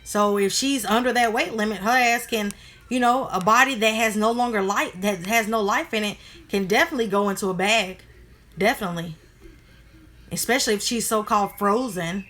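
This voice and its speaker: Woman vlogger, casual talk to camera, blunt and exasperated, cusses a lot, mid-pitched voice. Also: brisk, a bit bright. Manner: irritated and blunt, swears freely; talks straight to viewers as y'all.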